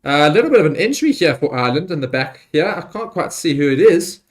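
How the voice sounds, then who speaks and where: A man hosting a live rugby watchalong, talking loosely with many fillers and getting excited on big plays. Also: on the high side, quick pace. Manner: rambling with fillers and restarts. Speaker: livestream host. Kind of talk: live match watchalong commentary.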